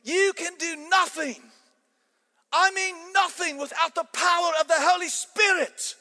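A man's voice: extremely high pitch, steady tone, unhurried, pitched above the performer's own voice, heavily acted. A man voicing a fiery, short Scottish male professor who exhorts his students with a Scottish accent. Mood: fired up. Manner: shouting, fired-up exhortation. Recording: long church-hall reverb.

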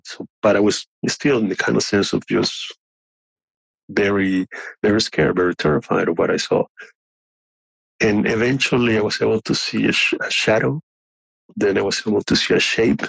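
Gravelly-voiced man telling his story. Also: on the low side, no room sound, low-quality recording. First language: not English. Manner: earnest, halting, restarts and clears throat often. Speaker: guest telling an encounter story. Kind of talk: first-person storytelling.

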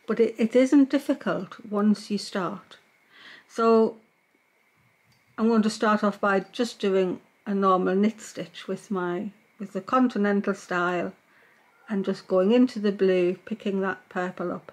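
Lady walking you through knitting stitches, calm and patient, mid-pitched voice. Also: rough recording. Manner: calm, patient, talks while working. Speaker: knitting teacher. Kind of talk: step-by-step craft tutorial.

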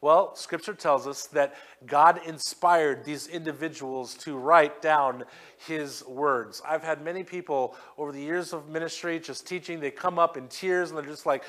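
A man's voice: fairly high pitch, fairly even intonation, normal speed, a bit bright. A man preaching a sermon as pastor, reading scripture emphatically and acting out quoted voices. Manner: acts out quoted voices in asides.

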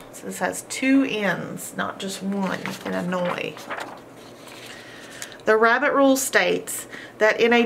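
Woman, phonics teacher, slow careful sounding out, mid pitch, faint background hum. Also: fairly bright tone. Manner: patient, clearly segments each sound.

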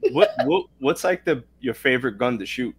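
Joking Brooklyn host, lively voice. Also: male voice, medium pitch, fairly quick, vocal fry, breathy edge. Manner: joking, laughing, self-mocking. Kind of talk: casual banter on a trivia show.

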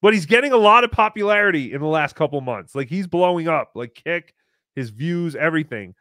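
A man hosting a podcast in a fairly high voice, recorded dry and close. He talks casually and runs a wry, sarcastic play-by-play, tossing in mock disclaimers. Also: lively intonation, a little fast, bright, forceful tone, no echo. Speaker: podcast host. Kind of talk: casual chat commentary.

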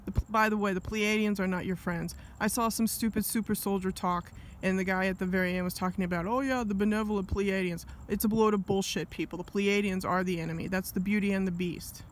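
Under a faint hiss, an angry vlogger rambles through a solo monologue in a high voice, his tone level and his pace brisk with few pauses. He keeps veering into asides and restarting his sentences.

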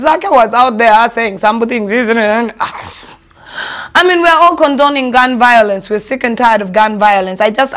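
Sassy Ugandan woman gossip host. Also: a little high. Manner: sassy, animated, mixes in Luganda phrases. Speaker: entertainment show host. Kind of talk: casual gossip commentary.

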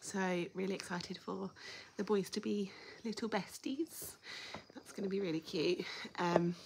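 A woman's voice: mid-range voice, measured pace, creaky, darkish tone, slight background noise. A woman around thirty, chatting casually to camera in a vlog, out of breath, with lots of ums and little laughs. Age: 30s. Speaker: vlogger. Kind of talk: casual chat. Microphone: camera propped up.

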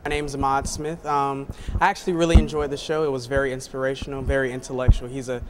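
A man's voice: medium pitch, little pitch movement, fast. A man giving an earnest, hesitant audience testimonial. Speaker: audience member. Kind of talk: sincere testimonial. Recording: noisy recording.

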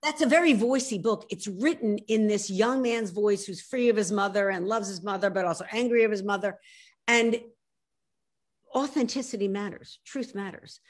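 A woman in her sixties from South Philadelphia, with a Philadelphia accent, talking as a guest author in an animated, emphatic way on a video call. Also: mid-range voice. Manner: animated, emphatic, quick to laugh at herself. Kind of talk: casual interview chat.

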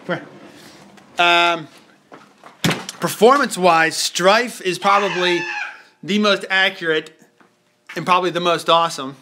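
Playful dad hosting a live toy stream. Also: male voice, high-pitched, sharp tone, a little hiss or hum. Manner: loose, joking, reads comments quickly and stumbles. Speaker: family channel host, dad. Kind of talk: live-stream Q&A chat with his kids. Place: home, indoors.

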